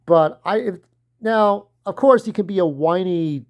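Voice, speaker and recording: A man giving casual, rambling fan commentary, often losing track of names and filling pauses with "uh". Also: on the high side, animated, a little mellow. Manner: rambling, loses track of names, many fillers.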